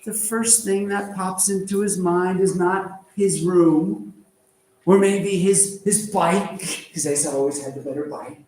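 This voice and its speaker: A man teaching a class, animated and sarcastic, firing rhetorical questions at his students. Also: high-pitched, unhurried, roomy sound, low-quality recording. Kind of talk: lively lecture to students.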